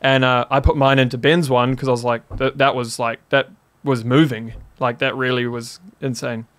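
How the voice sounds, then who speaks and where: A man from New Zealand with a New Zealand accent, a podcast guest telling a story in a casual, animated way, laughing often and saying "like" a lot. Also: medium pitch, moderate pace.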